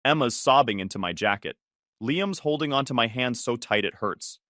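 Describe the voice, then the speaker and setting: A man's voice: medium pitch, animated, moderate pace, sharp tone, no echo, clean studio sound. A man narrating a first-person family story with a tense, emotionally charged delivery.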